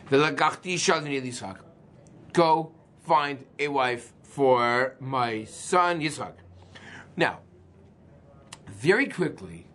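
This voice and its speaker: A man rabbi teaching an informal class, lively and quizzing the class, often acting out voices. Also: fairly high pitch. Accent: Canadian. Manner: lively, acts out voices, asks the class questions.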